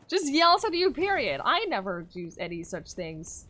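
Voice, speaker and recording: A woman's voice: high-pitched, very animated, normal speed, a bit bright. A woman streaming a game live, talking playfully to chat, laughing often and yelping whenever her character gets hit. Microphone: microphone in front of her face.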